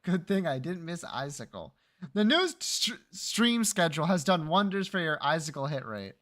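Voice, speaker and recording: Lively high-voiced male streamer. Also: normal speed. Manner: joking, teasing chat, swears freely. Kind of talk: casual live-stream chat.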